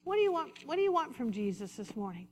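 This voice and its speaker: A woman pastor preaching a sermon, leading the congregation in call-and-response and slowing down for emphasis. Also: high-pitched, sing-song, darkish tone, a little hiss or hum. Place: church sanctuary. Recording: reverberant hall.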